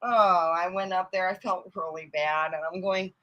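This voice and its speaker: A middle-aged woman from Michigan telling rambling comic stories, swinging between loud outbursts and mutters and laughing at her own jokes. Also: on the low side, steady tone, moderate pace, lo-fi sound, very noisy. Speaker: comedy storyteller. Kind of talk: casual comic storytelling.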